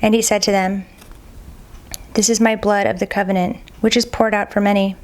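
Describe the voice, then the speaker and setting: A woman reading scripture aloud at a steady, measured pace, sometimes stumbling on a hard name and repeating it. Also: medium pitch. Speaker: Bible reader.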